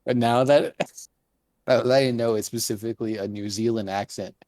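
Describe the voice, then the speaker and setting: A man's voice: mid-range voice, fairly even intonation, moderate pace, a little mellow, dry recording. A man co-hosting a casual podcast chat, hesitant and chuckling mid-sentence.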